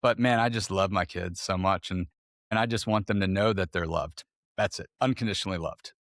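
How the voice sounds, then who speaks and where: A man's voice: sits low, a little fast, fairly bright tone, no echo, studio quality. A middle-aged man talking as a podcast guest, candid and loose with casual slang and fillers. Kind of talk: casual conversation.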